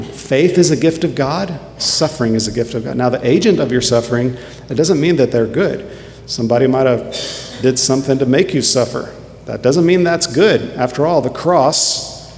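A man preaching a sermon earnestly, moving between quiet reflection and emphatic points. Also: medium pitch. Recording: echoey hall with faint ambience.

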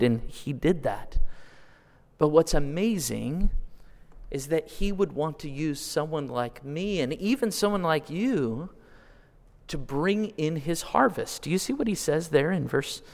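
A man from California preaching a sermon, asking the congregation questions and swinging between quiet asides and loud, drawn-out appeals. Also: fairly high pitch, lively intonation, vocal fry. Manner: asks the congregation direct questions. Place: church sanctuary. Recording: long hall reverb.

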